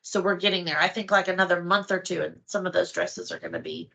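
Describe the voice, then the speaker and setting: A woman's voice: on the low side, big pitch swings, fast, creaky, fairly bright tone, slightly rough. A middle-aged woman chatting as a guest, telling stories and acting out her own thoughts. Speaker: host's wife, guest. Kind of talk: casual chat.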